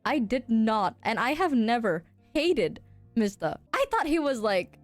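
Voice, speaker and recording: A young woman VTuber chats on stream with a high, bright voice that jumps all over its range. She tells stories animatedly and acts out what people said. She swears casually, and faint music plays behind her. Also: sing-song, unhurried, dry recording.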